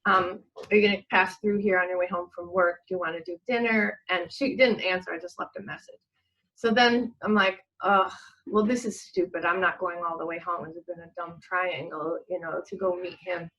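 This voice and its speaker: A woman's voice: lowish voice, fairly even intonation, moderate pace, a bit bright, muffled recording. A middle-aged woman, a guest in a casual chat, telling a rambling story, laughing often and acting out what people said.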